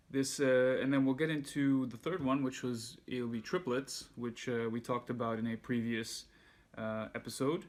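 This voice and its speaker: A man giving a handpan lesson, calmly explaining and counting beats aloud. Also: mid-range voice. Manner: relaxed, patient explaining, counts beats aloud while playing. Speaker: handpan teacher. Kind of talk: music lesson instruction. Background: handpan music.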